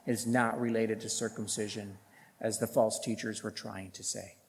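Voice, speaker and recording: A man's voice: on the low side, flat delivery, moderate pace, creaky, long reverb tail. A man preaching a sermon as a pastor, emphatic, with rhetorical questions and bursts of force on key points.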